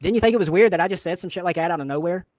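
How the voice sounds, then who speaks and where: A man's voice: high voice, rapid-fire, a little mellow. A man with a Southern American twang hosting a livestream, arguing hard, swearing and cutting people off. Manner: confrontational, profane, interrupting. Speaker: livestream host. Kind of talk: heated livestream argument.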